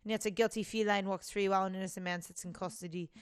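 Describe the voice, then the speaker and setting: A woman's voice: mid-range voice, steady tone, quick pace, lightly acted. A woman voicing a big male bird lawyer who is brooding and weary. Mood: gloomy.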